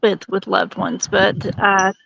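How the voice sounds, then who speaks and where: A woman's voice: mid-range voice, flat delivery, slow, vocal fry, a bit bright, no echo, muffled recording. A woman guest on a podcast, answering thoughtfully and hesitantly in casual conversation. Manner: thoughtful, hesitant, weighs her words.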